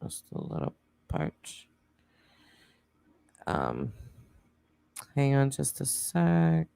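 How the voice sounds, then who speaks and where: A woman hosting a true crime channel, reading text messages aloud in a plain way, with pauses and casual asides. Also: extremely low pitch, huge pitch swings, vocal fry, dark tone, smooth.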